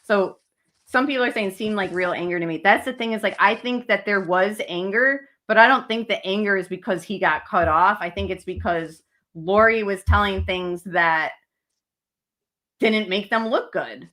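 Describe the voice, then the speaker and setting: A woman's voice: mid-range voice, moderate pace, fairly bright tone. A woman giving casual commentary, breaking down a video in a chatty way, full of fillers. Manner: chatty, filler-heavy analysis.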